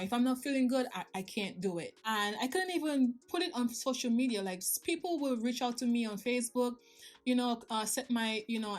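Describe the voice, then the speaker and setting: A woman in her thirties talking straight to her viewers in a personal vlog, emotional and confiding, with some slips in her grammar. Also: on the high side. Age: 30s. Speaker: vlogger. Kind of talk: personal life update vlog.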